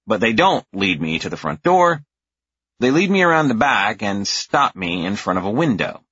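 A man's voice: fairly low pitch, very animated, normal speed, fairly bright tone, breathy edge, no room sound. A man narrating a first-person audiobook with a wry, exasperated manner. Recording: dull, dry lo-fi recording.

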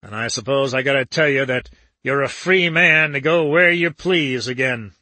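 A man's voice: medium pitch, normal speed, bright, forceful tone, dry recording. A man voicing an irritable, dyspeptic little older man who snaps out indignant questions.

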